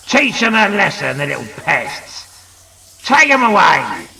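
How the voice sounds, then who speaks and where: A man voicing a rough, bossy gang leader in an audiobook, barking orders. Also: fairly high pitch, wildly swooping pitch, drawn-out words, pushed and bright, roomy sound, recorded from a distance, full character voice. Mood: harsh.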